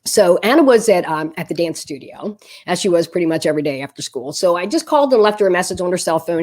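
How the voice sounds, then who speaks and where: Lively middle-aged woman telling a story. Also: lowish voice, fast talker. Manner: animated storyteller, laughs at her own tale. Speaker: parenting coach. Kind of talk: storytelling parenting advice video.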